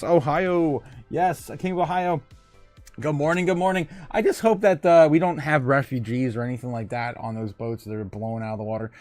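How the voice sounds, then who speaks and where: A man with a fairly high voice hosts a casual livestream, chatting loosely. He laughs often, reads viewer comments aloud and fills his talk with ums and uhs. The sound is dry and close to the mic. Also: no room sound. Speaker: host.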